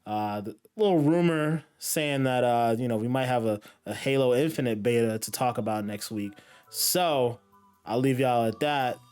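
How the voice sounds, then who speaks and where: A man's voice: mid-range voice, moderate pace, smooth, soft background music. Laid-back rambling male podcast host. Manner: relaxed, rambling, lots of fillers. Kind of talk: casual chat.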